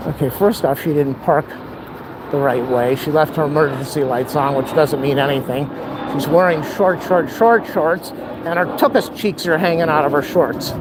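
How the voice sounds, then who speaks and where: A man's voice: on the high side, fairly even intonation, normal speed. Winded man ranting on a walk. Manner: ranting, opinionated, talks while walking. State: out of breath from walking uphill. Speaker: vlogger. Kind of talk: rambling walking vlog. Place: outdoors on city streets. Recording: faint street noise outdoors.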